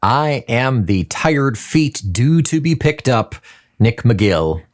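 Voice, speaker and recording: A bemused male podcast co-host who hesitates a lot and fills his pauses. His speech swings widely in pitch. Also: sing-song. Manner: bemused, hesitant, filler-heavy. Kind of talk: casual podcast chat.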